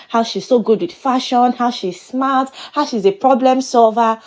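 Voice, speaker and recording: A woman's voice: a little high, fairly quick. A woman giving a chatty, playful recap of a reality show. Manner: chatty and animated, with playful exclamations. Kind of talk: casual gossip commentary.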